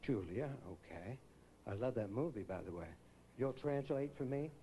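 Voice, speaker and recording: A man hosting a live pageant on stage, teasing the contestants with quick jokes as he interviews them. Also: mid-range voice, animated, dark tone, a little hiss or hum, rough recording. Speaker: pageant host. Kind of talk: joking live pageant emcee.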